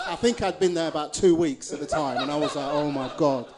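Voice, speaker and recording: A man, once a footballer, trades anecdotes on a live show. His voice sits a bit high and he keeps chuckling between phrases, doubling words as he talks. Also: quick pace, a crowd in the background. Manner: chuckling storyteller, repeats words. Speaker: former footballer guest.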